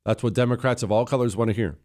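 A man's voice: mid-range voice, steady tone, rapid-fire, darkish tone. A man hosting a political commentary show, scornful and emphatic with sarcastic asides. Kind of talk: opinion commentary.

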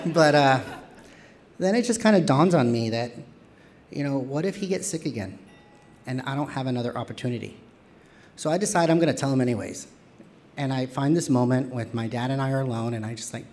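A man in his thirties, from Texas, telling a candid personal story on stage with wry humor and lively quoted voices. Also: mid-range voice, fairly quick, slight background noise.

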